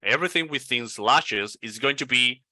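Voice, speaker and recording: A man coaching English pronunciation, speaking slowly and deliberately and repeating words for practice. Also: medium pitch, pushed and bright, no echo, rough recording. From Indonesia. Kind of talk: pronunciation lesson.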